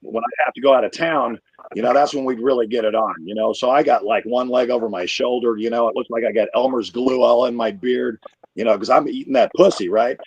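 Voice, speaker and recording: A man telling a crude, rambling stand-up story, getting loud when he acts himself out. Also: medium pitch, steady tone, fairly quick, breathy edge, dull audio. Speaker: comedian. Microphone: video call.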